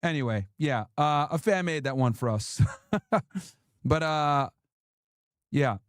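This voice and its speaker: A man's voice: fairly high pitch, slow pace, long pauses, smooth, no room sound, studio quality. A man hosting a livestream in a casual, slangy style, teasing and playfully scolding in repeated bursts. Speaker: livestream host.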